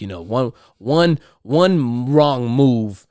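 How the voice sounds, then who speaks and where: A man hosting his own podcast from home, talking in a rambling, profane way and getting loud and riled up when he rants. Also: medium pitch, expressive, slow, dry recording, clean studio sound. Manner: profane, rambling, repeats and restarts. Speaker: podcast host. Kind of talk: casual monologue. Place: at home, household noise nearby.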